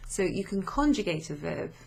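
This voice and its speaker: Woman language tutor with a gravelly, low-pitched voice. Slow, thinking-aloud delivery. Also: sing-song, darkish tone. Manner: unhurried, thinking aloud with many fillers. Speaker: language teacher. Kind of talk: explaining grammar to students.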